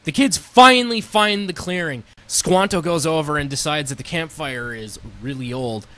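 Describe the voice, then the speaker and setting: A man narrating a sarcastic, crude comedic review of a movie, with sudden loud outbursts. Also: on the high side, normal speed, very noisy.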